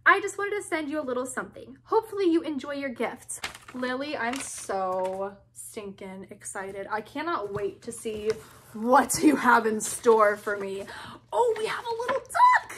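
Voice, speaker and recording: A woman's voice: fairly high pitch, a little hiss or hum. A young woman chatting bubbly and gushing as she opens fan mail for her vlog. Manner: bubbly, gushing, quick to squeal. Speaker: YouTuber opening fan mail. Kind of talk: casual vlog chat.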